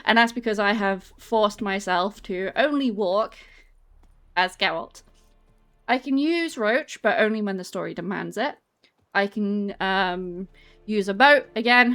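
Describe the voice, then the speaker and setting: A woman's voice: mid-range voice, moderate pace, fairly bright tone, faint music behind. An English woman streamer chatting casually with her viewers and answering chat while walking on a treadmill. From England. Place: home, on a treadmill.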